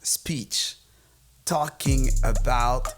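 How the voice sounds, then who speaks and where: A woman's voice: rumbling low, very slow. A woman hosting a casual podcast chat, speaking emphatically and playfully with a strong accent. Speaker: podcast host. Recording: podcast with loud music bed. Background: hip hop music.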